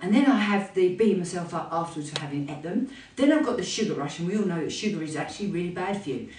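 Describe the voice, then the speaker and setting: A woman's voice: mid-range voice, fast. A woman in her fifties talks openly and with animation, the way a fitness instructor chats to her followers. Her voice sounds a little far off in an echoey room. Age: 50s. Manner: chatty, candid and animated. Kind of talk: casual talk to camera. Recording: roomy, voice from a distance.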